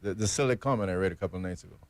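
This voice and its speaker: A man's voice: low voice, racing, darkish tone, no echo. A man co-hosting a radio talk show, playful and given to anecdotes. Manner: playful, laughs often, tells anecdotes. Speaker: radio co-host. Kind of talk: casual radio banter.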